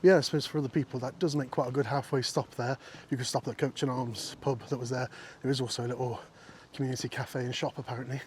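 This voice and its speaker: Here a walking vlogger speaks quickly with few pauses, his medium-pitched voice fairly even in intonation and a little mellow. He jokes with viewers and passing sheep as he strolls countryside paths and fields, with a faint wind in the background.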